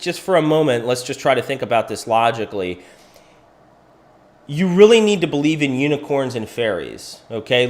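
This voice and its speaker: A middle-aged man from Pennsylvania hosting a crypto livestream, walking through price charts and answering viewers in chat by name. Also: mid-range voice. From Pennsylvania, USA. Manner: animated, talks to viewers by name. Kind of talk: live chart analysis with chat questions.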